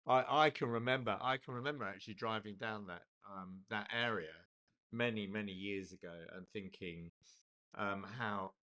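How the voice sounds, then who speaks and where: A man's voice: lowish voice, normal speed. Man from England, live stream co-host, casual chat, greets viewers, rambling restarts. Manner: chatty, warm greetings to viewers, frequent restarts.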